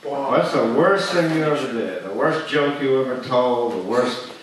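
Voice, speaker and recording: A man doing an open-mic stand-up set in a comedy club, halting often with uhs and restarts. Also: medium pitch, lively intonation, distant mic, a little hiss or hum. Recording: echoey club miked from afar.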